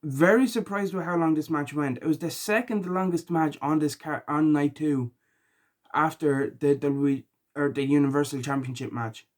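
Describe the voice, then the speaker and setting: A tired man talking casually through his reactions, rambling with lots of ums and likes, and rising loud and high when he gets annoyed. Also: moderate pace. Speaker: wrestling reaction vlogger. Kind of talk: casual spoken reaction vlog.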